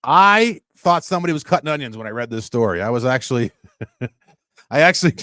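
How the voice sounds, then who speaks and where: Co-hosting sports radio, this man keeps things loose and lively, frequently laughing and making jokes at his own expense. He talks at a medium pitch and a fairly quick clip, with no echo.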